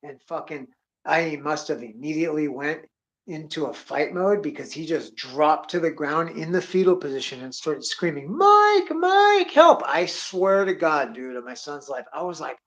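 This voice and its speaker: Brief: blunt, swearing man, slightly high voice, spinning a long story; dull lo-fi sound. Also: moderate pace. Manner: rambling, heavy swearing, blunt. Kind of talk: profane storytelling monologue. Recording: dull lo-fi audio.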